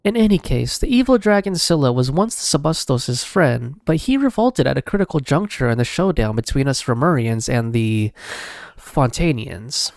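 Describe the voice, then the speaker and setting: A man voicing an old, formal male guide from an ancient underwater city, telling its history slowly and solemnly in a lowered voice. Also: expressive, gravelly, dry recording, clean studio sound. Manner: low, slow, solemn storytelling.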